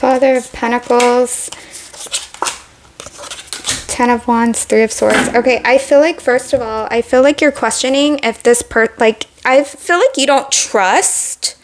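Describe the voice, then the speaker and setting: Woman tarot reader, casual and rambly, a bit out of breath, slightly high voice. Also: fairly even intonation, a little slow, noisy background. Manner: rambling, heavy on "like" and restarts. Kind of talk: casual spoken tarot reading to camera.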